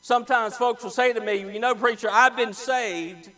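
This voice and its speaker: A Baptist preacher, a man, delivering a sermon with dramatic storytelling, acting out the people in his story and swinging between loud and soft. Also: very high-pitched, fairly even intonation, moderate pace, faint music behind.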